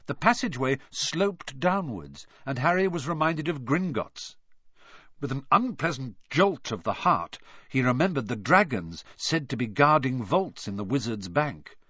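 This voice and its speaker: A man narrates a storybook in an animated, dramatic way, his pitch rising and falling a great deal. The voice sits mid-range for a man, recorded close and dry with a slightly dull tone. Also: unhurried, breathy edge, no echo. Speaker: audiobook narrator.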